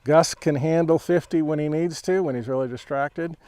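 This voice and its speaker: A man who trains dogs, explaining a training session in a relaxed way, chuckling often and giving the dog short commands. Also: fairly high pitch, moderate pace, no echo. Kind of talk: outdoor training demonstration.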